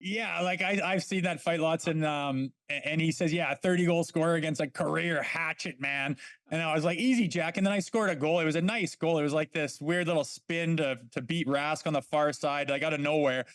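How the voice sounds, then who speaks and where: A man's voice: on the high side, fairly quick, a bit bright, dry recording. A middle-aged man, a former hockey player, telling blunt stories in a casual podcast chat. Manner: blunt, swears freely, quotes people in his stories.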